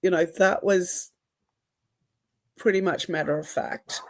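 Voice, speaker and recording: A middle-aged woman co-hosting a casual podcast, speaking in a low, unhurried voice. She talks in a reflective, measured way and laughs softly now and then. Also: steady tone. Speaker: podcast co-host.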